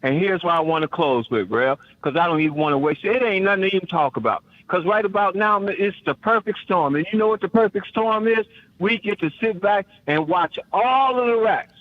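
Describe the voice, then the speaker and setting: A man's voice: high voice, lively intonation, fairly quick, narrow, tinny audio. A man calling in to a radio talk show with an impassioned, preacherly monologue, often stammering and repeating words. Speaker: caller.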